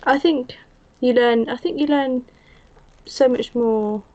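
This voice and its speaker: A woman's voice: fairly high pitch, slow, warm tone. A woman from England co-hosting a live watch-along in casual chat, giggling and reading out viewer comments. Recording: slightly muffled stream audio.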